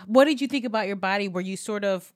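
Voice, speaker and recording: A woman's voice: mid-range voice, fast, dry recording, studio quality. A young adult woman hosting a casual podcast chat, giggly and playful, joking around and laughing often. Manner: giggly, playful, jokes in silly put-on accents. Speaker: podcast host.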